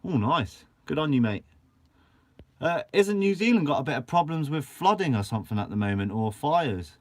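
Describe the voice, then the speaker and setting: A man's voice: fairly high pitch, animated, moderate pace. A young man from Guernsey, hosting a fishing channel and answering live chat in a chatty, upbeat way with casual swearing. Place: shed.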